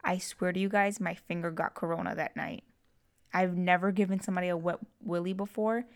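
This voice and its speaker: A woman's voice: on the low side, fairly even intonation, fairly quick. A young woman co-hosting a podcast in casual chat, playful and dramatic, given to gasps and giggles. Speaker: podcast co-host.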